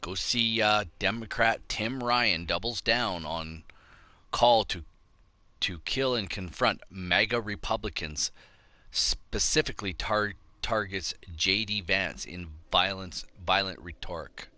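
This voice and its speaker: A man's voice: low voice, slow, sharp tone, no echo. A middle-aged man hosting a show, delivering a blunt, combative opinion monologue. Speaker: show host.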